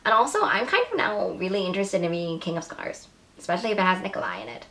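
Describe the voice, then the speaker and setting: A woman's voice: mid-range voice, big pitch swings, fast talker, bright, forceful tone. A woman talking casually to camera in a rambling, frustrated book review with lots of filler words.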